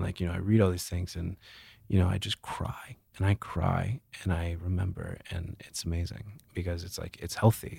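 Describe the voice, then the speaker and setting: Frank, low-voiced young man, dry studio sound. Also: vocal fry, husky, no room sound. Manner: frank, swears freely, animated when joking. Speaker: guest. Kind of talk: candid podcast conversation.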